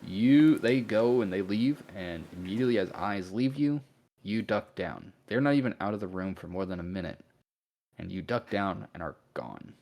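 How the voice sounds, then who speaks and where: A man as game master, setting scenes in a steady, matter-of-fact way. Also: on the low side, normal speed, vocal fry. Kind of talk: narrating a tabletop game.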